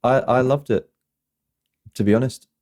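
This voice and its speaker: A man's voice: mid-range voice, normal speed, a little mellow. A man co-hosting a podcast, talking casually and ramblingly about films, often restarting his sentences. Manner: rambling, self-correcting, playful. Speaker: podcast co-host. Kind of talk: casual film chat.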